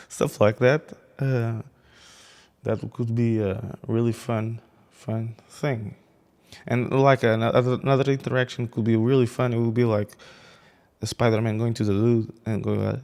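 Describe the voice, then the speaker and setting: A man's voice: mid-range voice, fairly even intonation, moderate pace, gravelly, darkish tone. A man in a casual game commentary, rambling with many restarts and laughing at his own jokes. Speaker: gaming video creator.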